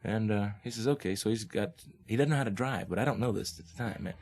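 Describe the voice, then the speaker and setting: A fast-talking guest musician from Oklahoma, with a lowish voice and darkish tone, tells casual stories. He speaks in laid-back hip slang, laughs often, and acts out the voices of people in his stories.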